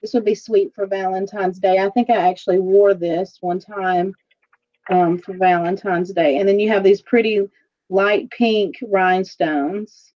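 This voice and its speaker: A woman's voice: mid-range voice, fairly even intonation, unhurried. Chatty laughing woman auction host. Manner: chatty, laughs often, describes items with many fillers. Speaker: host of an online jewelry sale auction. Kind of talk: casual livestream chat. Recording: dull lo-fi livestream audio.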